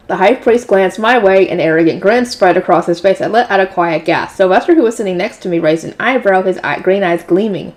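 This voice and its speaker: A woman with a medium-pitched voice reads a light novel aloud briskly and with hardly any pauses. It's a casual read-aloud narration in which she fixes slips and tosses in offhand asides.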